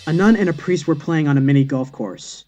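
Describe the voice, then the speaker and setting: A man narrating a string of jokes in a steady, matter-of-fact way. His voice sits a little higher than most men's. The delivery is plainly read from a script. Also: brisk, over music. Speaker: joke narrator.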